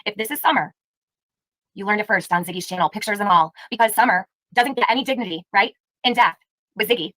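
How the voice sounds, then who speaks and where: A woman's voice: mid-range voice, fast talker, fairly bright tone, no room sound, poor audio. A woman hosting a live stream, giving heated, indignant commentary and firing rhetorical questions at her chat. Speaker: livestream host.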